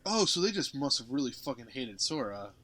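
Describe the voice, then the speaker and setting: A man's voice: mid-range voice, very animated, a little fast, pushed and bright. A young man co-hosting a podcast in casual chat, joking and sarcastic, swearing freely. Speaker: podcast co-host.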